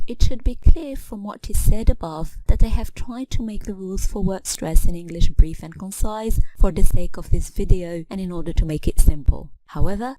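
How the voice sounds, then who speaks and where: A woman's voice: mid-range voice, mellow, no echo, poor audio. A woman narrating a scripted English lesson, spelling out suffixes letter by letter and reading example words one at a time. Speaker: English teacher.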